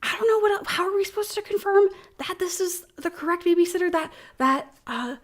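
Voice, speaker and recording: Woman voicing a jittery, stammering cultist, high-pitched and rushed. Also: animated. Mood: anxious. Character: fretful timid cultist, high-strung, earnest.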